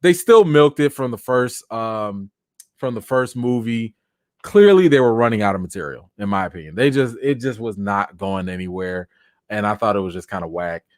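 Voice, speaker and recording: A man hosting a casual live chat, answering viewer comments in an animated, talkative way, and by now tired, with his voice wearing out. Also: fairly low pitch, moderate pace, no echo, clean studio sound. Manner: animated, chatty, thanks viewers by name. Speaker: live-stream host.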